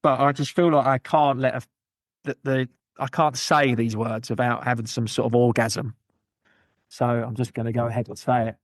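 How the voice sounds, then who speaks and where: A man hosting a gaming podcast on his own, rambling through shout-outs and jokey, self-mocking asides. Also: mid-range voice, flat delivery, moderate pace, no room sound, clean studio sound. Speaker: podcast host. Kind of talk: solo gaming podcast chat.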